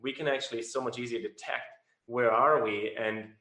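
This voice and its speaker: German-born male interviewer, enthusiastic, bright tone, echoey room. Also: medium pitch, steady tone, moderate pace. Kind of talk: casual interview chat. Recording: roomy echo.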